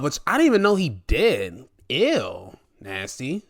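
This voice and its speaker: Animated slangy man reviewing wrestling. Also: mid-range voice, slow, no echo, studio quality. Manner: animated, slangy, acts out quotes, laughs often. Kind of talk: casual review chat.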